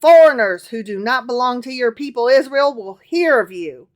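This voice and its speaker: A woman voicing a grand male biblical king praying, with a put-on Southern US accent, reading loudly and slowly as a mock-dramatic scripture reading. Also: on the high side, animated, close to an everyday voice. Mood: solemn mock. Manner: loud, slow, declaiming prayer.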